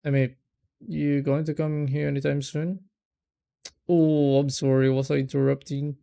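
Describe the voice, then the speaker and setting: A man's voice: on the high side, flat delivery, a little slow, creaky, dark tone, smooth. A young man voicing a friendly, wry male school nurse in a visual novel, with a light, amused delivery.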